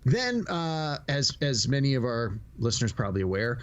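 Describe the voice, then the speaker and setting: Co-hosting a casual podcast, a man with a mid-range voice tells stories animatedly at a moderate pace, acting out the quotes as he goes.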